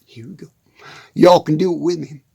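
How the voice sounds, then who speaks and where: A man with a husky, slightly breathy voice and a drawl, joking his way through a loose country comedy ramble. He laughs through his sentences and trips over words. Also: a little high, normal speed, darkish tone. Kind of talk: rambling comic monologue. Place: hot dusty shed.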